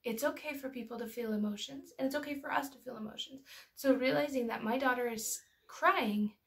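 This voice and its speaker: Chatty mother teaching parents, fry-heavy, slightly high. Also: brisk, fairly bright tone. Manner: chatty, storytelling, lots of filler words. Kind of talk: casual educational talk.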